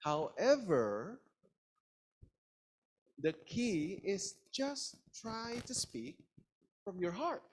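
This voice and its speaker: Lively man teaching a class. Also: sits high, drawn-out words, pauses often, slightly rough, rough recording. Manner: lively, engaging, asks the audience questions. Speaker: lecturer. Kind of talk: interactive classroom lecture.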